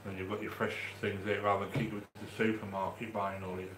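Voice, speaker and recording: Chatty Midlands Englishman, low voice. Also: flat delivery, fast talker, a bit bright, reverberant, slight background noise. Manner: chatty and affectionate, with many restarts. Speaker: livestream host reading chat. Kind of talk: casual live-stream chat.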